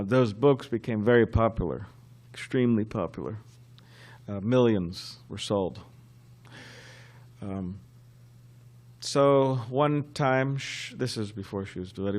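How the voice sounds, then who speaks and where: A man giving a scripture class at a temple, telling a story in a halting, conversational way. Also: fairly low pitch, a little mellow. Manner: halting and conversational, often restarting.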